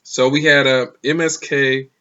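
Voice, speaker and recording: A man's voice: mid-range voice, flat delivery, unhurried, fairly bright tone, clean tone, dull audio. A man casually reviewing a wrestling show, rambling and opinionated, with many fillers.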